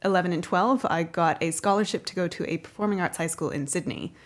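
A woman's voice: on the low side, quick pace. Chatty North American woman guest. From North America, half Canadian, half American. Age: 30s. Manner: laughs often, chatty with many fillers. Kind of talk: casual interview chat.

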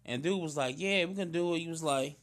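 St dude riffing with his cousin, loud and animated, slightly high voice. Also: a little fast. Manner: loud, animated storyteller, slangy and emphatic. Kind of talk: casual chat between cousins.

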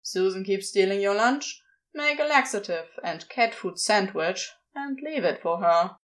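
A woman's voice: mid-range voice, expressive, a little slow, close to an everyday voice. A woman voicing an irritated, sarcastic male demon who scolds and mocks. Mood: scornful. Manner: exasperated, scolding.

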